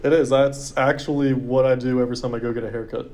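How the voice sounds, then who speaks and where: A man's voice: medium pitch, steady tone, quick pace, darkish tone. A young man co-hosting a casual podcast chat, rambling and filling his sentences with "like". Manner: rambling, heavy use of "like". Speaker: podcast co-host.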